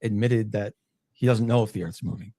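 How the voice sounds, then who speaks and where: A man's voice: lowish voice, brisk, dark tone, dry recording, studio quality. A man in a heated debate, skeptical and accusing.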